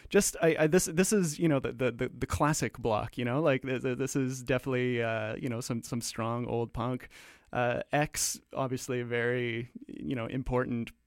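A man chatting casually as a radio guest about punk records, talking in halting bursts full of stammered restarts. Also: mid-range voice, fairly even intonation, no room sound, studio quality.

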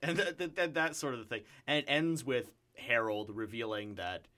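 A man's voice: medium pitch, normal speed, pushed and bright. A man talking as an actor guest in a casual chat, telling anecdotes in a chatty way with many fillers.

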